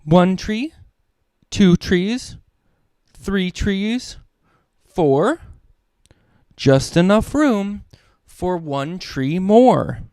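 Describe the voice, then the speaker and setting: Man, dad reading kids' books, playful sing-song read-aloud, slow and lively, dry close sound. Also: high voice, smooth, no room sound. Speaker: children's book reader. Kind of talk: read-aloud storytelling for kids.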